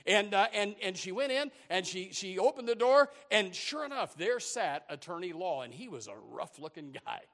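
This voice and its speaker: A man's voice: high-pitched, big pitch swings, moderate pace, hardly any pauses, fairly bright tone. A man preaching a sermon as a folksy story, with many repeated restarts.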